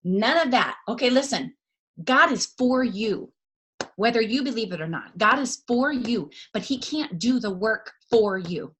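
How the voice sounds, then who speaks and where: A woman's voice: a little high, animated, unhurried, a bit bright. A woman giving a fervent, preachy motivational pep talk and repeating her key phrases. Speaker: motivational speaker.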